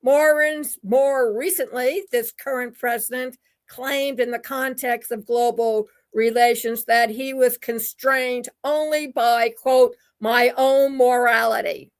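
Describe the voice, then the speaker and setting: Woman, talk radio host, high voice, unhurried delivery, sarcastic asides. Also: steady tone. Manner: sarcastic asides between read quotes. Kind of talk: opinion commentary reading quotes.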